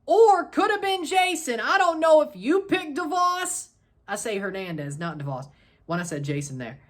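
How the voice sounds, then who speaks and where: A woman's voice: high-pitched, big pitch swings, normal speed. A woman hosting a solo soccer match review, ranting in a heated, exasperated way and swearing casually.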